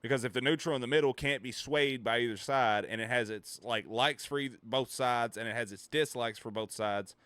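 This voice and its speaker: A man's voice: mid-range voice, smooth, no echo. A man streaming live, rambling and ranting profanely while reacting to chat. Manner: rambling, profane, reads chat and riffs loudly.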